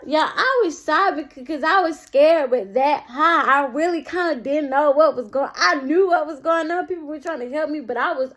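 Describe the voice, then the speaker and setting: A young woman telling a storytime vlog, animated and constantly addressing her viewers directly. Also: high-pitched, normal speed. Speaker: vlogger.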